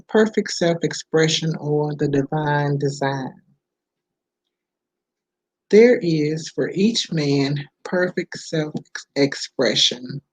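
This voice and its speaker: A woman reading a self-help book aloud, unhurried, with casual asides between passages. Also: low-pitched, a little mellow, slightly rough, dry recording, rough recording. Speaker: book reader.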